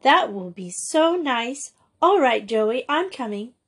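A woman's voice: a little high, sing-song, slow pace, a bit bright, breathy edge, heavily acted. A woman voicing a polite, well-mannered teenage head girl in a storybook reading. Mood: eager.

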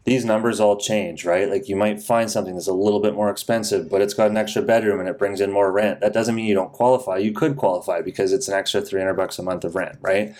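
A man co-hosting a podcast as a mortgage broker, explaining lending in a measured, matter-of-fact way. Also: on the low side, fairly even intonation, darkish tone. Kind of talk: casual podcast talk.

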